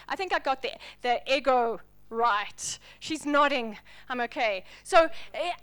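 A woman's voice: high voice, normal speed, few pauses, fairly bright tone. A woman preaching a sermon to a congregation, telling Bible stories dramatically and dropping to a near whisper at the key moments.

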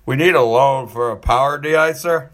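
A man voicing a boozy older man stranded on an iced-over boat, rambling and halting with lots of uhs and calling people pal, heard as a voicemail. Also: mid-range voice, fairly bright tone, slight background noise, lightly acted. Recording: voicemail message played back.

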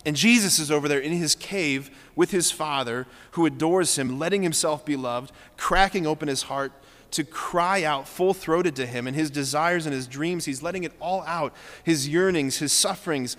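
Speaking at a moderate pace, a Catholic priest with a high voice preaches an earnest sermon whose repeated phrases land with building passion. The tone is a bit bright, and each line fades into the extended reverb of a large church.

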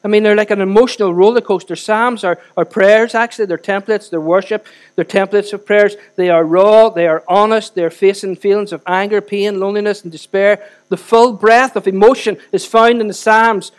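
A middle-aged man preaching a sermon as pastor, earnest and emphatic, swinging between loud and soft. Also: sits high, fairly even intonation, moderate pace.

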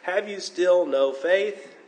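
Pastor, male, higher-pitched voice, expressive preaching style, recorded with long hall reverb. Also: slow. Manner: animated, swinging from loud emphasis to hushed tones; jokes at his own expense. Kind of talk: sermon.

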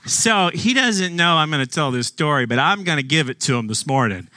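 Bright-voiced male pastor preaching. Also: a little high, lively intonation, a little hiss or hum. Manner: conversational, storytelling with humor, slows for emphasis. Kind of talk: sermon.

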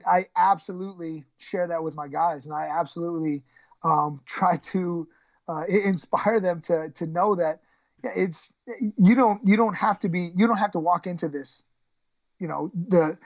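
A woman wrestling coach talks in a gravelly voice, often stumbling and repeating herself as she tells her story. The recording is close and dry with a slightly dull, lo-fi tone. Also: on the low side, steady tone, no echo. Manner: halting, repeats words, emotional retelling. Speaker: high school wrestling coach. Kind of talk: storytelling in a podcast interview.

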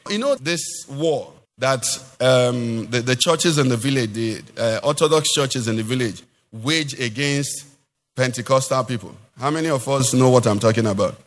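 A man, a pastor preaching a sermon in an animated way and putting rhetorical questions to his congregation. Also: mid-range voice, normal speed, in a large hall.

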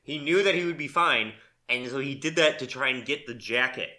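A man's voice: medium pitch, fairly quick, pushed and bright. A man hosting a casual podcast chat, rambling through stories and laughing as he talks. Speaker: podcast host.

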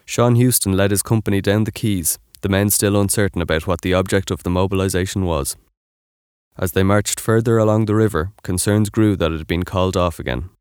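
Man, documentary narrator, deep resonant voice, dry studio sound. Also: fairly even intonation, fairly quick, a little mellow, clear, resonant tone, dry recording.

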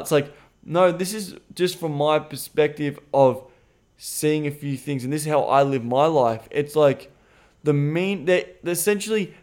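A man co-hosting a podcast in a loose, candid chat. His voice sits a little high, and he swears freely. He acts out past conversations in lively voices. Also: normal speed. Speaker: podcast co-host.

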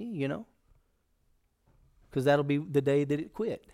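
A man's voice: fairly high pitch, lively intonation, moderate pace, darkish tone. A male pastor preaching a sermon in a folksy, conversational way.

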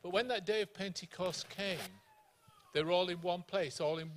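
A South African man speaking as a guest pastor, voice a little higher than most men. He explains scripture steadily and methodically, like a teacher in conversation. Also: moderate pace, a little hiss or hum.

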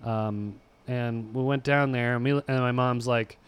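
A man's voice: mid-range voice, fairly even intonation, measured pace, clear, resonant tone. A man co-hosting a podcast in casual chat, joking and playful. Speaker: podcast co-host.

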